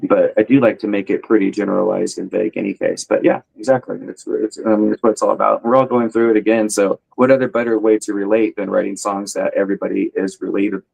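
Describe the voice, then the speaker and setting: A man, a musician guest in a casual interview, talking haltingly and repeating words. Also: on the low side, steady tone, creaky, darkish tone, poor audio.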